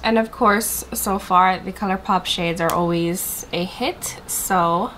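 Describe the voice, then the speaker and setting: A woman's voice: lowish voice, fairly even intonation, slow, a bit bright, slight background noise. A woman sounding stuffy and congested, chatting to viewers in a sit-down makeup review vlog. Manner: bubbly and chatty, addressing viewers directly. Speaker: beauty vlogger.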